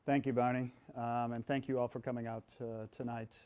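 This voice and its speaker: Middle-aged guy talking to a crowd, clear smooth voice, jokey asides. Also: medium pitch, level tone, fairly quick. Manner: warm storytelling, humorous asides, quotes with rising emphasis. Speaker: author and pastor in conversation. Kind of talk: public talk before an audience. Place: event hall with audience.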